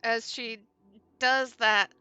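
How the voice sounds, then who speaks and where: A woman's voice: fairly high pitch, fairly even intonation, slow pace, sharp tone, smooth, lo-fi sound. A woman playing in a tabletop role-play, describing her character's actions in a chatty, hesitant way. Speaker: player.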